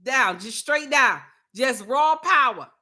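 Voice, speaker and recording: A woman livestreaming casual commentary, speaking straight to her chat. Her voice sits high and has a bright, sharp edge. She hammers her points bluntly and repeats lines for emphasis, like a preacher. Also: lively intonation, takes it slowly. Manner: addresses viewers and chat directly. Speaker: livestream host.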